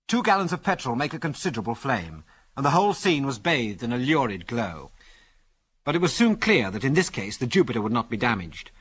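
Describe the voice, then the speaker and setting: Husky-voiced man narrating an adventure story. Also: mid-range voice. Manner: dramatic storytelling, animated delivery.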